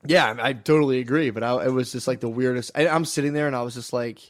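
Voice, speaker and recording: A man co-hosting a podcast, telling rambling, fast anecdotes full of quoted asides in casual chat. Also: medium pitch. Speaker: podcast co-host. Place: podcast studio.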